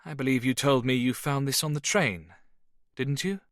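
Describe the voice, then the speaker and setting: A man reading an audiobook voices a composed officer who briefs in a brisk, matter-of-fact way. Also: mid-range voice, a bit bright, no echo, clean studio sound, pitched above the performer's own voice, close to an everyday voice.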